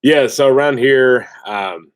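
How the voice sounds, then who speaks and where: A man in his thirties co-hosting a homestead livestream, talking in a relaxed, upbeat, chatty way. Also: mid-range voice, takes it slowly, clean tone, no echo. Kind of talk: casual livestream chat.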